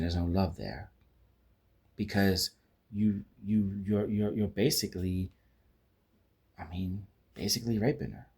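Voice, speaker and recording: A man's voice: sits low, husky. A man giving a casual spoken film review, rambling with frequent restarts and fillers and acting out quoted lines as he retells scenes.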